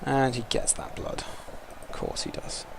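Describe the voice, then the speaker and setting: A man giving excitable, taunting commentary over a video game he is playing. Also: measured pace, noisy background. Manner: excitable, taunting trash talk. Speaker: gaming commentator. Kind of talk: let's-play commentary.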